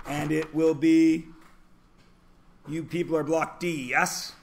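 A man teaching a high school math class, joking as he lectures. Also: little pitch movement, vocal fry, a little hiss or hum. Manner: joking, drawn-out teacherly questions.

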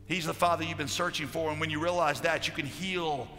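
A man preaching a sermon as a pastor, passionate, moving from loud declarations to hushed storytelling. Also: a little high, fairly even intonation, brisk. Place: large conference hall. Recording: live hall recording with long reverb and faint music.

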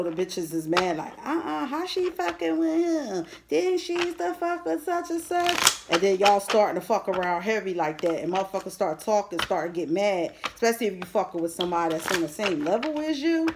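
A woman's voice: medium pitch, noisy background. A woman reading tarot in a casual monologue, blunt and profane. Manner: blunt and profane, heavy slang. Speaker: tarot reader.

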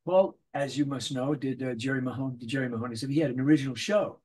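A man's voice: mid-range voice, fast, slightly rough. An older man, a voice actor guest, chatting in an interview and acting out little voices as he tells stories. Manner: animated storyteller, acts out little voices in anecdotes. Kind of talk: casual interview.

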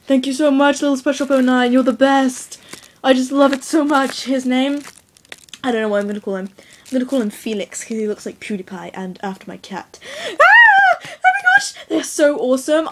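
A teenage girl gushing and squealing with excitement as she opens a package of toys. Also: sits high, slight background noise. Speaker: toy collector vlogger. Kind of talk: excited unboxing vlog.

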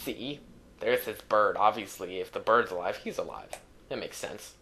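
A man's voice: fairly low pitch, moderate pace, background noise. A young man casually commentating his gameplay, rambling and joking with lots of fillers. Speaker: let's player.

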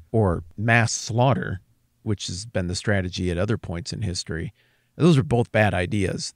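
Gravelly low-voiced earnest man. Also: no echo, studio quality. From Wyoming, USA. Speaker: podcast co-host. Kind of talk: casual conversation.

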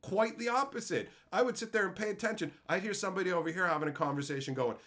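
A man's voice: high voice, fast, hardly any pauses. A man streaming as he opens card packs, telling heated, profane stories in a casual way. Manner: animated, puts on voices for quotes. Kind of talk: casual storytelling.

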